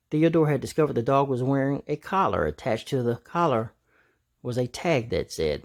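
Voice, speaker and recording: A man narrating a children's storybook aloud in an animated, expressive way. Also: medium pitch, moderate pace.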